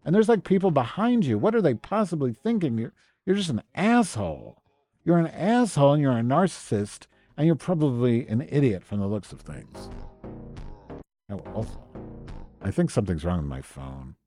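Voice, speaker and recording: A man's voice: medium pitch, sing-song, normal speed, mellow, faint music behind. A man hosting a live stream, ranting with exasperated, profane sarcasm as he comments on his screen. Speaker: podcast host.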